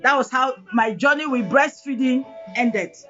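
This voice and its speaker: A woman from Cameroon with a Cameroonian English accent, giving an emotional personal testimony in a dramatic, animated way, often near tears. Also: high-pitched, a little slow. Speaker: guest telling her story. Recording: dull lo-fi audio with faint music.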